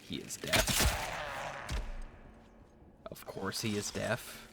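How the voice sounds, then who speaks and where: A man hosting a let's play, rambling through casual gameplay commentary with animated, profane storytelling. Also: lowish voice, very slow, creaky, very noisy.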